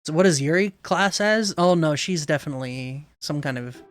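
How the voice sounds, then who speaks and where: A man's voice: on the high side, lively intonation, normal speed, fairly bright tone, faint music behind. A man streaming a game, commenting bluntly and swearing freely into a close desk mic at home. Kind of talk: let's play commentary.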